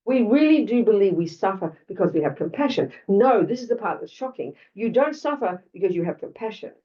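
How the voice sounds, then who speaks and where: A woman's voice: mid-range voice, lively intonation, a little fast. An older Australian woman giving a Buddhist dharma talk in a blunt, conversational way, full of asides to her listeners. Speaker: Buddhist teacher. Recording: lo-fi, distant mic.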